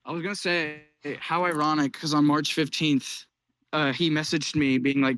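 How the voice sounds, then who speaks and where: A young man co-hosting a podcast in casual chat, excitable and swearing freely. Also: a little high, no room sound, rough recording. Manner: excitable, swears a lot, quick laughing. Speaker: podcast co-host.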